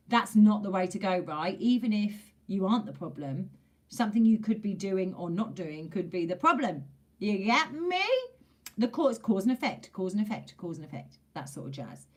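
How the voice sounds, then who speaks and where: A woman's voice: medium pitch, lively intonation, moderate pace. Woman, tarot reader, casual reading to camera, chatty, emphatic, repeats herself, mild swearing.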